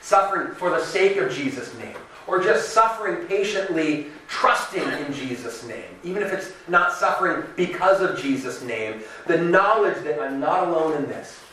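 A man preaches in a relaxed, conversational way, slipping into the voices of the people he quotes. His voice is a touch higher than most men's and clearly bright. He is heard from some distance in a large, very reverberant hall. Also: moderate pace, hardly any pauses, a little hiss or hum. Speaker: pastor. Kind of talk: sermon.

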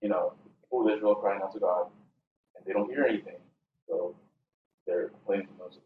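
Hesitant low-voiced man in a study group. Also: brisk, noisy background. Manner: hesitant, many fillers, thinks aloud. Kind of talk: Bible study discussion. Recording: echoey, dull, distant room recording.

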